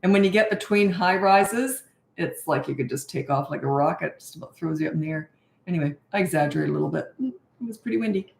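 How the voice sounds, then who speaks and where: A woman's voice: sits low, fast, vocal fry, echoey room. A middle-aged woman, a parenting coach, chatting and rambling casually on a live-stream Q&A, self-deprecating.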